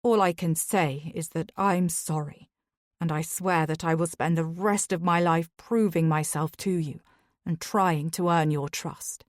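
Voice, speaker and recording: A woman's voice: deep voice, fairly even intonation, unhurried, dry recording, studio quality. A woman voicing a grave, remorseful aristocratic husband in Victorian society. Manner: grave, hoarse-edged apology.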